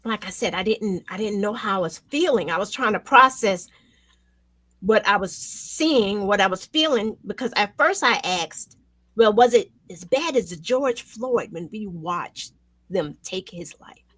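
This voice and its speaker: A woman hosts a talk show and speaks with raw emotion. Her voice swings from intense, loud outbursts to hushed lows. The sound is dry and close. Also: lively intonation, a little slow, no echo. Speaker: show host. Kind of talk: emotional commentary chat.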